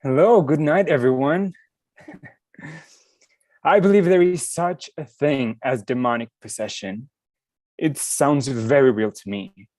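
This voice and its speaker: A man from Mexico delivering a stand-up set on a club stage. He speaks very slowly and deliberately, with a dry delivery, and his voice sounds close and dry with little room. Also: medium pitch, a little mellow, dry recording. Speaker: stand-up comedian.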